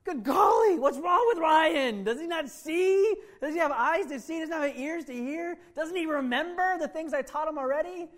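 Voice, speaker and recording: A man voicing Jesus as an exasperated teacher scolding his followers, loud and incredulous. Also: extremely high pitch, lively intonation, normal speed, few pauses, voice pushed up. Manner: incredulous, loud, shouting rebukes.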